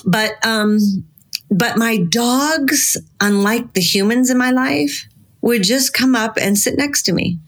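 A woman's voice: on the high side, takes it slowly. A middle-aged woman speaking as an interview guest, talking frankly and earnestly, now and then swearing for emphasis. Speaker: interview guest, bereaved mother and grief researcher. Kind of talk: candid conversational interview.

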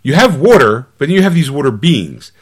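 A man co-hosting a podcast, casually retelling a movie plot in an animated, rambling way and slipping into quoted voices. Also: a little high, fairly quick, husky. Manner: loose, rambling with fillers and restarts. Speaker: podcast co-host.

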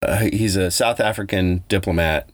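On a dry recording, a man's low-pitched voice moves at normal speed as he hosts a podcast and spins a travel tale. His casual storytelling is loose and profane, wandering along with frequent restarts.

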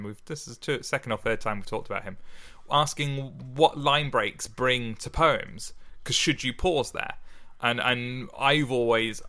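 A man, co-hosting a podcast in casual, animated chat. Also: mid-range voice. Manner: chatty, animated, laughs often. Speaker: podcast co-host.

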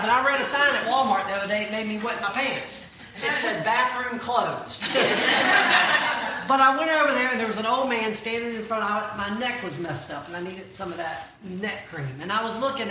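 A middle-aged woman telling folksy jokes with punchlines and quizzing the crowd, speaking to a church audience. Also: mid-range voice. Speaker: Christian comedic speaker. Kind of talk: comedic church talk. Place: large church hall. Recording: very echoey hall, distant mic, room noise.

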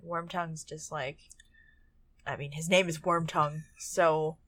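A woman's voice: sits low, fairly even intonation, unhurried, fairly bright tone, dry recording. A woman co-hosting a podcast, joking and giggling in casual chat. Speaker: podcast co-host.

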